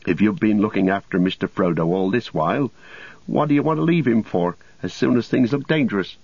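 Sharp-tongued young hobbit lass put on by a man, dry, lo-fi recording. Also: lowish voice, fairly quick, husky, dry recording. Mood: tart. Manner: tart, teasing. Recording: dull lo-fi recording.

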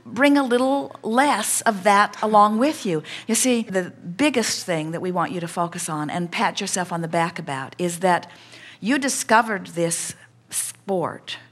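A woman speaking as a collective "we" at a spiritual seminar, coaching a participant in a measured, reassuring way. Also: mid-range voice.

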